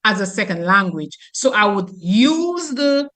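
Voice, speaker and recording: A woman teacher from Dominica, explaining grammar on the radio in an animated, teacherly way. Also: medium pitch, measured pace.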